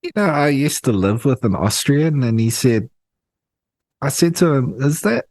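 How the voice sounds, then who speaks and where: A man co-hosting a podcast over a remote call, cracking deadpan absurd jokes with lots of fillers. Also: medium pitch, normal speed, no echo. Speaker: podcast co-host. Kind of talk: casual podcast banter.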